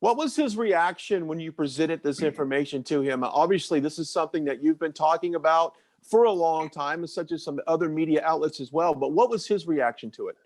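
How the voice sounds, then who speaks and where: A man interviewing a guest, asking direct, measured questions. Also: a little high, darkish tone.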